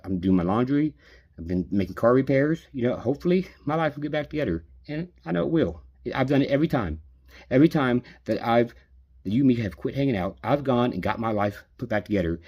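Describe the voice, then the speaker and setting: Bitter, husky-voiced man ranting. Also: lowish voice, dark tone. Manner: bitter, aggrieved, profane. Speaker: vlogger venting. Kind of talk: angry personal rant.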